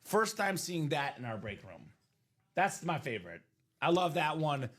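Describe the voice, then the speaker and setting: Male live-break host, high bright voice, bouncy delivery, talks straight to chat. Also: unhurried. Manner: animated, explains rules to chat. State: coughing, losing his voice. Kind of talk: live stream sales chat.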